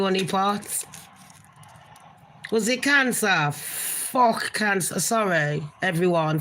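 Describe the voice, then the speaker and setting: A woman's voice: mid-range voice, a bit bright, slight background noise, poor audio. A woman hosting a casual gossip live stream, chatting with viewers and swearing now and then. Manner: chatty, swears, talks to viewers as honey pot. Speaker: gossip channel host.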